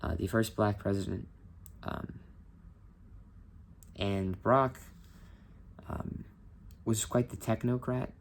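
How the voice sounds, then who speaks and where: A man with a fairly low voice gives a relaxed, unscripted rundown of history for his vlog. He talks informally and openly shares his opinions. He often pauses on a filler "um". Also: vocal fry, a little hiss or hum. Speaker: history vlogger. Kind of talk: casual explainer.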